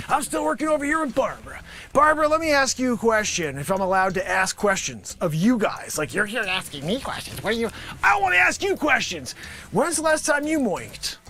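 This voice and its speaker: Man, improv comedy host, manic, rambling, sarcastic, high-pitched, bright tone. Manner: manic, rambling, sarcastic, swings between loud outbursts and mutters. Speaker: host of a live improv comedy and music show. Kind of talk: improvised comedy bit, pitching a product to investors.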